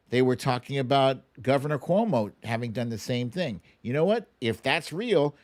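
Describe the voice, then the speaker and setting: A man hosting a livestream of political commentary, ranting in a profane, sarcastic way. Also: medium pitch. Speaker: host.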